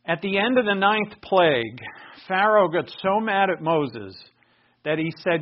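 A man preaching a conversational Bible teaching sermon, moving between relaxed explanation and emphatic raised bursts. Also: high-pitched, a little slow. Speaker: pastor. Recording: dull lo-fi recording.

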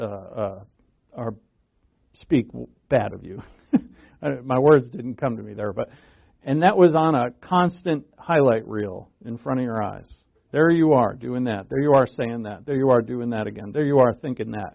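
A man preaching a sermon, earnest and halting, restarting phrases and pushing his voice up for emphasis. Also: fairly high pitch, gravelly, muffled recording. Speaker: pastor.

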